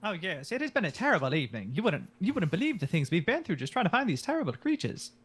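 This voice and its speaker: Guy doing a prissy boston academic lady, high and sing-songy, lots of uhs. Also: huge pitch swings, fast talker, fairly bright tone, slightly rough, full character voice. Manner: fussy, hesitant, many "uh"s. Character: prim Boston academic woman on sabbatical. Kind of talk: tabletop role-play.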